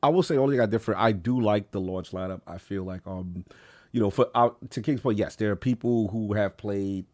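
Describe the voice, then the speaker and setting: A man co-hosting a casual gaming podcast, measured and even-handed, laughing easily with his co-hosts. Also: on the low side. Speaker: podcast co-host.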